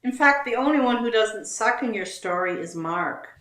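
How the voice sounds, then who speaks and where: A woman's voice: fairly high pitch, expressive, normal speed, a bit bright, reverberant. A woman co-hosting a casual show, reading online posts aloud and commenting on them.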